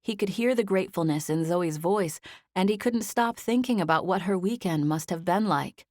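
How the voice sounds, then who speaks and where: A woman reads scripted audiobook narration in a measured, level manner, her voice lowish. No room sound comes through, and the quality is that of a studio.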